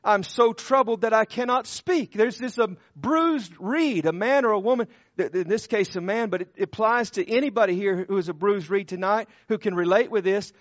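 A high-pitched male preacher delivers an impassioned sermon, repeating scripture lines in a rhythmic cadence. His voice rises to loud proclamations and drops to hushed low tones. The recording is dry and close, with a dull, muffled sound. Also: moderate pace, hardly any pauses, dry recording. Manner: quotes scripture with rhythmic repetition.

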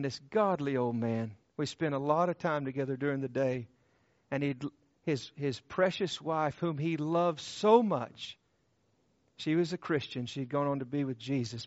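A man preaches in an unhurried, deliberate rhythm, his voice sitting a touch high for a man. He swings between loud emphatic cries and hushed tender passages, hammering short repeated phrases. The sound is dry and somewhat dull, with little room around it. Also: no echo. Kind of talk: sermon.

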